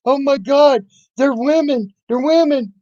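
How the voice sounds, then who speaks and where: A man putting on a high mocking falsetto to parody an overdramatic, whiny woman. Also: measured pace, warm tone. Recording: dull lo-fi recording.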